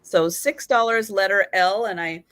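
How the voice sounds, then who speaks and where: Slow, unhurried woman hosting a sale. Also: mid-range voice, a bit bright, dry recording. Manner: unhurried, describes items in detail and greets viewers by name. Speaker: live sale host selling vintage items. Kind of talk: casual live-stream sales chat.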